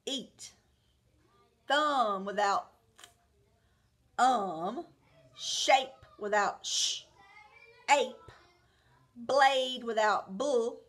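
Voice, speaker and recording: Slow, bright-voiced woman teaching phonics. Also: on the high side. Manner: clear, encouraging, drawn-out word modeling with praise. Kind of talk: slow, deliberate phonics lesson for young children.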